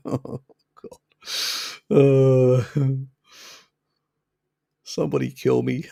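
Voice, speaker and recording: A man's voice: medium pitch, vocal fry, darkish tone, no room sound, clean studio sound. A man hosting a casual live stream, chatting with viewers, laughing often and swearing freely.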